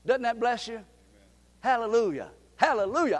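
Fervent preacher, high voice. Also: male voice, lively intonation, fairly quick. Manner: fervent preaching with sudden shouts and Southern folksy asides. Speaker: pastor. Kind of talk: sermon. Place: church sanctuary. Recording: long hall reverb.

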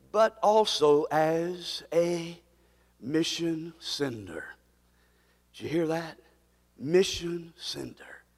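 Male preacher, fervent pulpit delivery, high voice, long hall reverb. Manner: impassioned preaching that climbs to near-shouting peaks. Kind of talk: sermon.

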